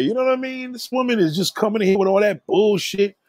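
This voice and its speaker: Profane livestream host ranting at chat. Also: male voice, high voice, fast, dry recording. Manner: profane, repetitive, confrontational toward chat. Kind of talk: casual livestream rant.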